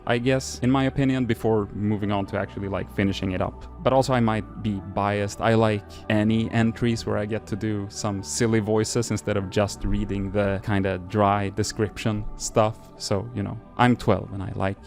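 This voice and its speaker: A man's voice: fairly low pitch, level tone, normal speed, hardly any pauses, darkish tone, soft background music. A man hosting a show, reading archive entries aloud and breaking off into casual, self-deprecating asides full of fillers.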